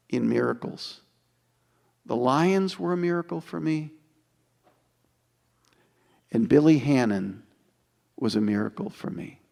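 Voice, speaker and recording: A man's voice: medium pitch, creaky, a little mellow. Older man orating in a reverberant auditorium. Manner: dramatic, building repetitions with slow emphatic pauses. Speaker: motivational speaker. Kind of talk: inspirational storytelling speech. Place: large auditorium.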